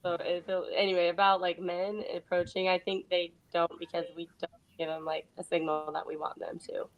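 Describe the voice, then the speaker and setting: A woman's voice: on the low side, little pitch movement, brisk, highs cut off. A woman calling in as a guest on a livestream talk show, talking hesitantly with lots of "like" and restarts. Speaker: call-in guest. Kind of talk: casual chat.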